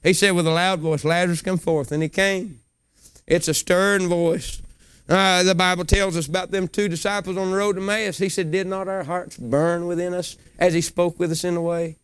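A man preaching a sermon in a folksy way, swinging from low murmurs to high, loud cries. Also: fairly even intonation, moderate pace, clear, resonant tone, no echo. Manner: folksy, colloquial phrasing.

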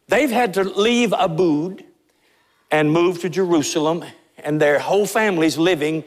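A man's voice: on the high side, in a large hall. A middle-aged man, a pastor, preaching an impassioned sermon in a church sanctuary, with his voice rising and falling for emphasis.

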